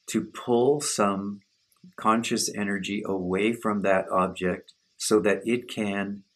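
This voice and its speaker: A man giving a slow, measured, contemplative spiritual talk as a teacher leading a satsang on self-inquiry. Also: low voice, a bit bright.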